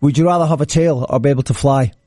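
A man's voice: fast talker, mellow, no room sound, studio quality. A man hosting a morning radio show, chatting upbeat about traffic and an anecdote. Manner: upbeat, chatty, jumps around in pitch. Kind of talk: casual radio chat. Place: radio studio.

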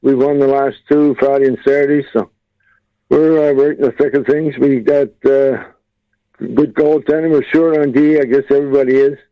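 A man, a junior hockey coach answering questions in a casual interview, matter-of-fact with filler pauses. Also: medium pitch, fairly even intonation, no echo. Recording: dull lo-fi line.

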